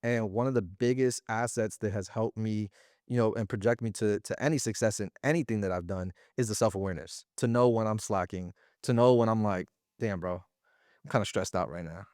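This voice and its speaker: A man talking as an interview guest about running a sales business, in slangy, animated casual speech. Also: fairly low pitch, brisk, dry recording, studio quality. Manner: slangy and animated, often acting out little quoted exchanges.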